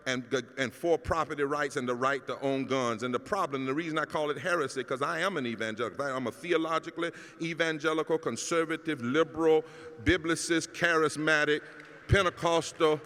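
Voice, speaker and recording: Middle-aged preacher man, fiery keynote, voice a bit high, ringing around a big hall. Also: clean tone. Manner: rousing preacher's cadence, rising to shouts. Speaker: pastor giving a keynote. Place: large hall at a public celebration. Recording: long hall reverb.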